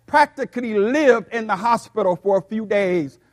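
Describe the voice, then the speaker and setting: An older man in his sixties preaching a sermon to a church, speaking slowly and deliberately and sometimes repeating words. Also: sits high. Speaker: pastor.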